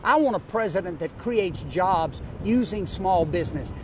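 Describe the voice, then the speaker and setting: A man in his sixties with a Louisiana Southern accent, a political candidate giving an emphatic campaign pitch in an interview, driving home his points with repeated lists. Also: expressive, moderate pace, slight background noise. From North Louisiana, USA. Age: 60s. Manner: emphatic, repetitive rhetorical lists.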